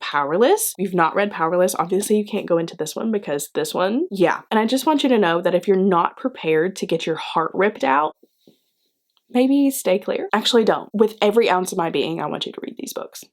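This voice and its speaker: A woman with a voice of ordinary middle pitch, chatting through a casual book review vlog. She gushes, leans hard on her favorite lines and says them twice for effect. She speaks to the viewers as if they were close friends. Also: animated, brisk. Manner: gushing and emphatic, repeats lines for comic effect.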